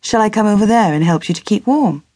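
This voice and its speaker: A woman's voice: medium pitch, expressive, quick pace, warm tone, no echo, studio quality, pitched above the performer's own voice, lightly acted. A woman voicing an earnest, lovestruck young upper-class man who speaks politely and eagerly.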